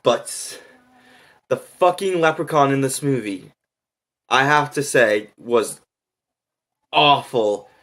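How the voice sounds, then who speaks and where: A man reviewing a movie in a profane, exasperated rant, his pitch sitting in an ordinary middle range. He talks slowly and drags his words out between outbursts of swearing. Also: fairly bright tone.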